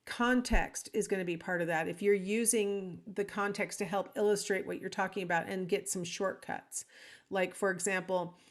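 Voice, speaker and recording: A woman's voice: medium pitch, fairly even intonation, moderate pace. Woman lecturing casually to a recording. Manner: casual and conversational, with frequent ums and "right?"; acts out example lines in different intonations. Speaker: instructor. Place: alone at home or office, speaking to a recording.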